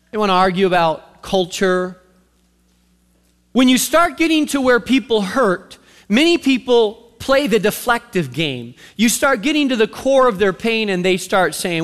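A male preacher delivering a sermon with animated, conversational storytelling and direct questions to the listeners. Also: high-pitched, long reverb tail.

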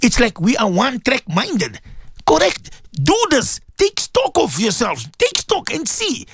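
A man hosting devotional morning radio, talking fervently and repetitively, rising to high exclamations and dropping to hushed, prayerful tones. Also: wildly swooping pitch, unhurried, husky, no echo, clean studio sound. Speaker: radio host. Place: radio studio.

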